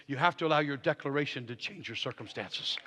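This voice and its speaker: A man preaching a charismatic sermon as guest speaker, swinging from hushed talk to shouted declarations and telling stories with quoted dialogue. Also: medium pitch, fast, slight background noise. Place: church sanctuary. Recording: long hall reverb of a church.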